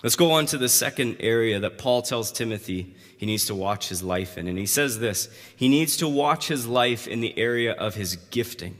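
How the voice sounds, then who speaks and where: A male pastor preaching a conversational sermon that rises to emphatic, loud passages. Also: mid-range voice, animated, normal speed, few pauses. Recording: long hall reverb.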